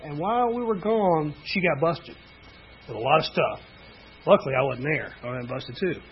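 A man's voice: on the high side, expressive, moderate pace, muffled recording, slight background noise. A middle-aged man giving a candid, rambling personal testimony at a recovery meeting, full of "you know" fillers. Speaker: speaker sharing recovery story.

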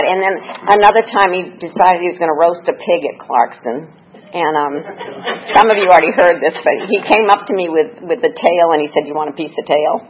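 A woman's voice: lowish voice, fairly quick, lo-fi sound, noisy background. A woman speaking at a memorial gathering, telling candid, earthy stories and sometimes tearful. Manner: candid, laughing, earthy anecdotes. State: tearful at times. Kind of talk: personal eulogy storytelling.

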